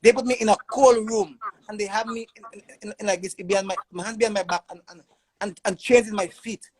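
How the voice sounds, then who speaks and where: A man's voice: sits high, steady tone, a little fast, darkish tone, breathy edge, rough recording. A man telling his own story as a father in an emotional testimony, urgent and repeating words in long stammering runs.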